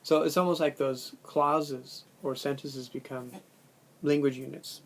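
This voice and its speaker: A man's voice: mid-range voice, steady tone, measured pace, creaky. A man teaching a language course, lecturing in a conversational way and explaining ideas with spoken examples. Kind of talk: recorded classroom lecture.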